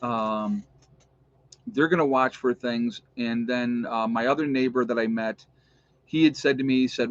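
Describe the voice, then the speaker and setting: A man's voice: medium pitch, normal speed, no echo. A man with an upstate New York accent, rambling in a chatty, casual way to his viewers and laughing often. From New York State. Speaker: vlogger. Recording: dull lo-fi sound.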